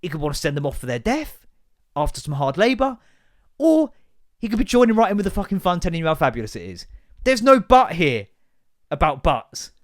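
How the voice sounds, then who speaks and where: A man, hosting a casual solo podcast and ranting in a sweary, sarcastic, animated way. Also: a little high, fast. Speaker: podcast host.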